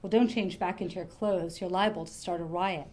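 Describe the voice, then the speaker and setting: A woman's voice: on the low side, steady tone, brisk, darkish tone, voice pushed down, close to an everyday voice. A woman reading the lines of an eager, pushy young woman friend in a storybook reading. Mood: bossy.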